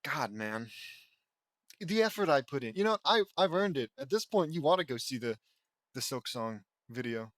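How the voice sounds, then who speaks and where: A man's voice: a little high, expressive, a little fast, no echo. Sarcastic man reading fan fiction aloud. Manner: sarcastic, mocking asides. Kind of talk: comedic dramatic reading with commentary.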